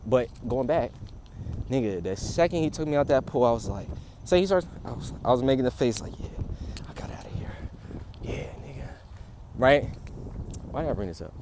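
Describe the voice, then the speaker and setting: A young man livestreaming outdoors, talking in a casual, rambling, profane and animated way, often laughing. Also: medium pitch, background noise. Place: outdoors in a city.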